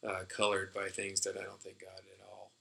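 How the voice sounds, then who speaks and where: Man, low-pitched, very bright tone, rambling casual chat, lots of fillers. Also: completely flat delivery, fairly quick, creaky, poor audio. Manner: rambling, many fillers and restarts. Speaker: podcast co-host. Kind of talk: casual discussion.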